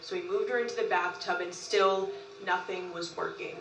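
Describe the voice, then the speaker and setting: A woman telling a long story in casual talk, animated, often laughing and acting out what others said. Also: lowish voice, moderate pace, distant mic. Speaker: group member recounting events. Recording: roomy, from off-mic.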